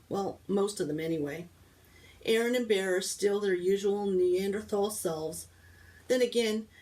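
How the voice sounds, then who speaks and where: A woman, a librarian, reads a children's novel aloud, narrating lively in a boy's first person. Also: medium pitch, recorded from a distance, low-quality recording. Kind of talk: storybook read-aloud.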